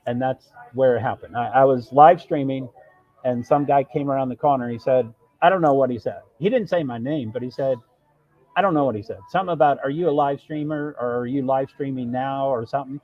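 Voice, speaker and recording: A man speaking at medium pitch and a fairly quick pace tells a long, casual story on his live stream. He rambles, breaks off mid-sentence, and quotes others by acting them out, with a muffled recording and faint music behind.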